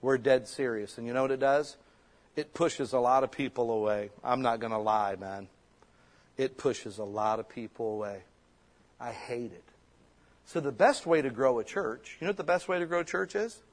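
A middle-aged pastor preaching a sermon in an impassioned, conversational way, full of rhetorical questions. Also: male voice, mid-range voice, normal speed.

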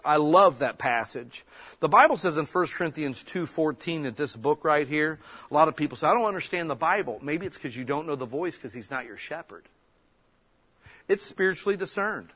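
A man, a pastor giving a folksy, conversational sermon, breaking into sudden loud bursts. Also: fairly high pitch, breathy edge.

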